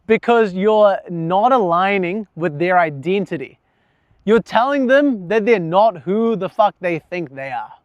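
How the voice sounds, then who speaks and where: A man's voice: high-pitched, dry recording, muffled recording. A young man talking candidly about himself in a casual, profane vlog monologue, laughing at himself now and then. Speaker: vlogger.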